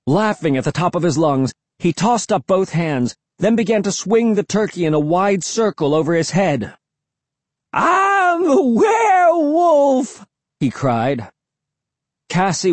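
An audiobook narrator giving a dramatic, expressive first-person reading. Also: mid-range voice, slightly rough, dry recording.

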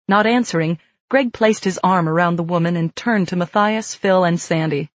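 Woman narrator, lowish voice, steady, dull dry studio sound. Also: normal speed, few pauses, dry recording. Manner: calm, steady storytelling. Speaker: audiobook narrator. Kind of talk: scripted narration.

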